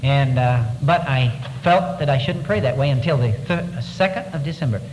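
A man speaks to an audience in a mid-range voice, giving a personal testimony. He tells it in an earnest, halting way, and his voice drops low and quiet on the painful parts. The sound carries a long reverb, as in a large hall, over a faint bed of ambience. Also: a little hiss or hum. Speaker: former prisoner of war giving testimony.

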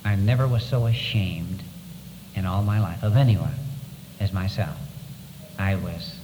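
Earnest man recounting an ordeal in a hall. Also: background noise. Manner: earnest, halting storytelling, voice dropping low on painful parts. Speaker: former prisoner of war giving testimony. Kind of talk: first-person testimony to an audience.

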